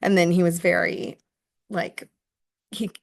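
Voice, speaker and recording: A woman's voice: on the low side, flat delivery, slow, vocal fry. A middle-aged woman teacher talking through her day in a candid, chatty video diary, full of fillers and restarts.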